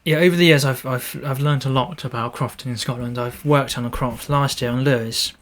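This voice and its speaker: A man talking casually about his landscape photographs in a vlog, halting and restarting often with small self-deprecating asides. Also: medium pitch, steady tone, fairly bright tone.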